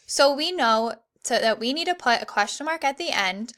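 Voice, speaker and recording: A young woman teaching an online grammar lesson to children, clear and encouraging, reading the examples slowly. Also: sits high, expressive, fairly bright tone.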